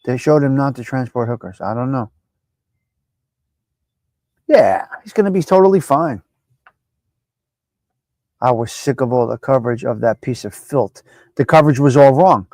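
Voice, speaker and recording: A man hosting a casual live-stream chat, brash, profane and animated as he talks back at viewers by name. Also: medium pitch, no room sound. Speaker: live show host.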